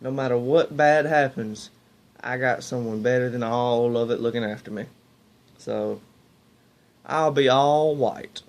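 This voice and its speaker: Here a young vlogger talks to camera in a relaxed, storytelling way, wandering off track, starting over and saying "y'all" to viewers. His pitch is medium, his tone steady, his pace moderate.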